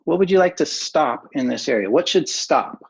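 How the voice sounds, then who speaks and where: A man's voice: on the high side, lively intonation, moderate pace, creaky, husky. A man coaching an online workshop in a casual, upbeat way, with many filler words, over a video call. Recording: muffled lo-fi video call audio.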